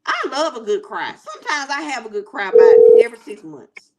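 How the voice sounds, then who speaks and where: A female co-host with a high voice that leaps around in pitch. She tells her stories sassily and emphatically, pushing her point in a casual comic debate. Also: sing-song, brisk, a little mellow, dull audio. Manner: sassy, emphatic storytelling.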